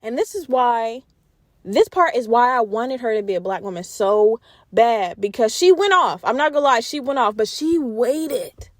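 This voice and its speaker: A woman hosting a podcast, retelling a movie in an animated, profane, slangy comedic style. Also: fairly high pitch, normal speed, no room sound, clean studio sound. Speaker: podcast host. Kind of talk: casual comedic storytelling.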